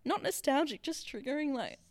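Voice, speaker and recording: A young woman co-hosting a casual podcast, with deadpan, ironic humour. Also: sits high, fairly quick. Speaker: podcast co-host. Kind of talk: casual chat.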